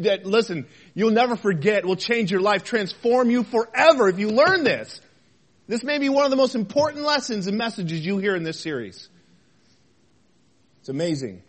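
High-voiced man preaching a sermon. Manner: conversational preaching with rhetorical questions, animated swings between loud and soft. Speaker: pastor.

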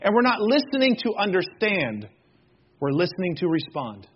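High-voiced, husky male preacher. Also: moderate pace, highs cut off. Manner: jokey, animated storytelling with acted-out voices; addresses congregation directly with questions. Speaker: pastor. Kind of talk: sermon.

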